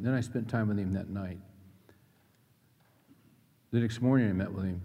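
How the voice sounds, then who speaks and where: Inside a large hall with long reverb, a middle-aged man preaching a sermon recounts personal stories in an earnest, folksy way. His voice is lowish with a dark tone.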